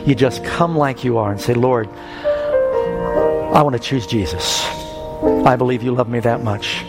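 A man's voice: medium pitch, normal speed. Man preaching in a reverberant hall. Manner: storytelling, rising to urgent pleading. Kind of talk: evangelistic sermon. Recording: reverberant hall with faint music.

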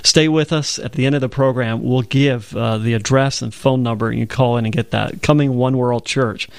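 With a gravelly yet clean mid-range voice, fairly even intonation and normal speed, an Alabama man with a Southern accent hosts a radio Bible program. He earnestly quotes scripture at length in conversational discussion, recorded with no echo.

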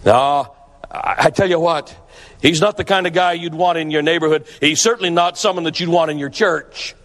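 A man's voice: on the high side, normal speed, a bit bright, lightly acted. A preacher voicing a chatty, opinionated male neighbor who gossips in a folksy, confiding way. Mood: disapproving. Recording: long hall reverb.

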